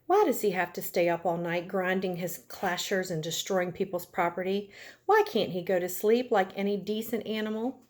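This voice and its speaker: A woman's voice: mid-range voice, fairly even intonation, normal speed, natural voice. Earnest young pig, polite, lonely, storybook, a woman reading aloud.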